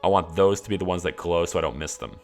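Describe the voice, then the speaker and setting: A man's voice: low voice, fast talker, faint music behind. A man streaming a game, casually walking through his mod list in a rambling, enthusiastic way with many fillers. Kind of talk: casual walkthrough of game mods.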